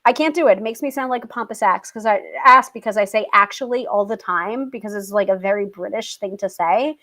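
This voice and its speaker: A woman's voice: mid-range voice, fairly quick, bright, forceful tone. A young American woman hosting a casual livestream, rambling and chatty with many fillers and frequent laughter as she reads viewer comments. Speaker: livestream host.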